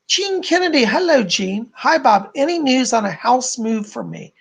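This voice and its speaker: Male psychic medium host; gravelly, husky tone, gentle delivery on a live stream. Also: very high voice, expressive, moderate pace, hardly any pauses. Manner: soft, relaying spirit messages, warm thanks to donors.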